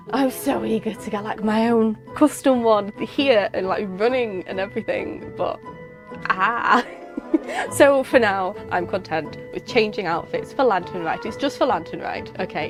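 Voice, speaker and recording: A young woman chatting casually while playing a game, rambling and breaking into excited exclamations. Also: mid-range voice. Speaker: streamer.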